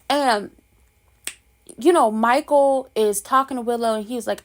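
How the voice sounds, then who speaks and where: A woman's voice: fairly high pitch, a little slow, pauses often. A woman hosting a casual soap opera recap, talking in a sassy, emphatic, slangy way and giving strong opinions.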